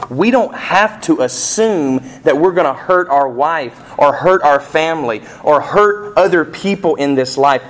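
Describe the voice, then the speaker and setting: A middle-aged man preaching a sermon, asking the congregation rhetorical questions and rising sharply in pitch and volume on emphatic points. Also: fairly bright tone. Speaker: pastor.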